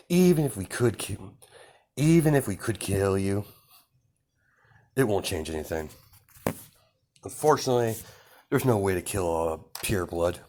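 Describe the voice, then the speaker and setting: A man's voice: sits low, a little mellow. A man doing a stern vampire council leader.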